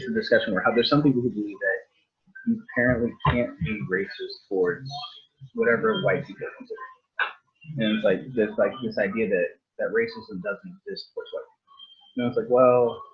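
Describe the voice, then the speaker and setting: Guy chiming in on a group talk, fumbles for words, lo-fi sound. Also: mid-range voice. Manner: thoughtful, searching for words. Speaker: discussion participant. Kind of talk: casual group discussion. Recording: dull lo-fi recording.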